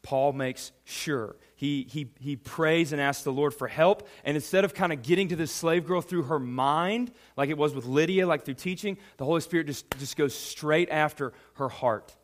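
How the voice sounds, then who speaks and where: A man preaching a sermon, emphatic and animated, speaking directly to a young congregation. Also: fairly high pitch, normal speed, hardly any pauses. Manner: addresses a youth audience directly. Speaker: pastor.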